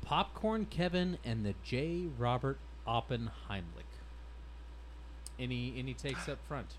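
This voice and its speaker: A man's voice: medium pitch, lively intonation, a little slow, a little hiss or hum, rough recording. A man hosting a casual podcast, reading stories aloud in a wry, amused way and laughing as he goes. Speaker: podcast host.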